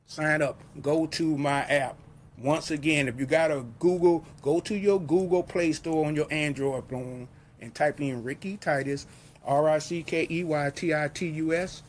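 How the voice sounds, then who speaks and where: A man hosting his own show, pushing a TV subscription in a hyped, repetitive live sales pitch. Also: slight background noise. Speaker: host pitching a TV service.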